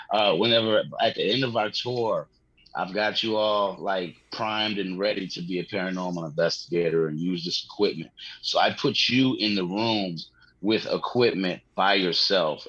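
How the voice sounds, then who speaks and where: A man's voice: low voice, normal speed, fairly bright tone, slightly rough, dry recording, dull audio. A man, a comedian guest on a podcast, telling rambling, slangy stories with plenty of swearing and laughter. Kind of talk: casual podcast storytelling.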